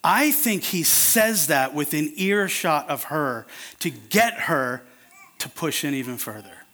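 A man's voice: on the high side, lively intonation, slow, pushed and bright. A man preaching an earnest, conversational sermon that turns emphatic at times.

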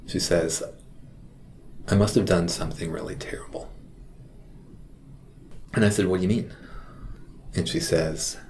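A man with a very low, deep voice tells a personal story from his work as a hospital chaplain. He speaks reflectively and haltingly, often pausing. A faint room ambience sits behind him. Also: darkish tone, a little hiss or hum.

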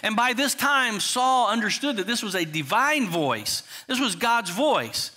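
This preacher talks to his congregation informally, asking them questions, restarting often, and tossing in "you know." His voice is high and very animated yet unhurried, with a bright, forceful tone.

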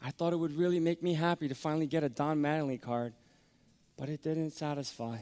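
A man preaching a sermon, telling a personal story that swings from hushed to loud. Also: fairly high pitch, fairly even intonation, a little fast, clear, resonant tone. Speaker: pastor. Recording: long hall reverb.

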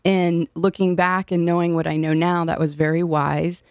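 A woman's voice: fairly low pitch, flat delivery, normal speed, no echo, clean studio sound. An older woman from Illinois, a city food policy director, talking earnestly as an interview guest with some fillers and a little breathless. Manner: earnest, frequent fillers, laughs easily. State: slightly out of breath. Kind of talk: interview conversation.

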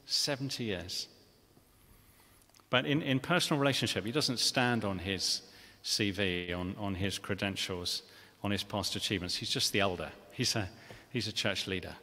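A man's voice: fairly low pitch, fairly bright tone. Preacher man in an echoing church. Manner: earnest, with frequent restarts and rhetorical questions. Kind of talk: sermon. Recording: long reverb of a church hall.

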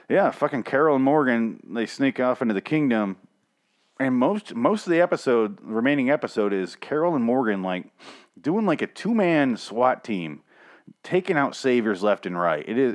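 A young man giving a casual, profane episode recap, rambling and sarcastic, often mocking characters in quick put-on voices. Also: medium pitch, animated.

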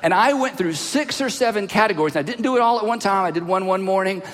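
A high-voiced preacher in a big hall. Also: male voice, quick pace. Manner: animated storytelling, drops low for asides. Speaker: pastor. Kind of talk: sermon. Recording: long hall reverb.

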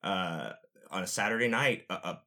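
A man's voice: low-pitched, normal speed. A man hosting a podcast, telling stories in casual chat and acting out the people in them. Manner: animated storyteller, acts out quotes loudly. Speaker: podcast host.

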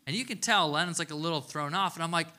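A man's voice: fairly high pitch, fast, bright, forceful tone. A man in his thirties, a pastor giving a casual, chatty sermon with playful humor. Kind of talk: conversational sermon.

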